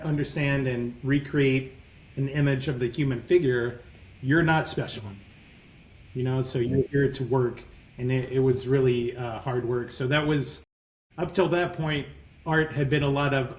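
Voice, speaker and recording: Animated man in a roomy room. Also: fairly high pitch. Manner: rambling, animated, self-correcting anecdotes. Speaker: guest entrepreneur. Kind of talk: conversational interview storytelling.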